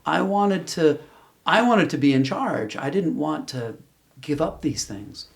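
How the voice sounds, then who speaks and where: Gravelly middle-aged man telling stories. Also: fairly high pitch, lively intonation, a little slow. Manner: candid, rambling, frequent restarts and fillers. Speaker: interview guest. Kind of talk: casual conversational storytelling.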